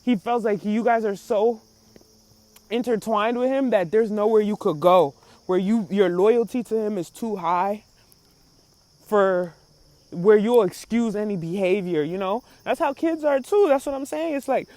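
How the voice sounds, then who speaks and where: A woman hosting a podcast, giving casual commentary in a slangy, laughing, animated way. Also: medium pitch, a little slow, no echo. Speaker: podcast host.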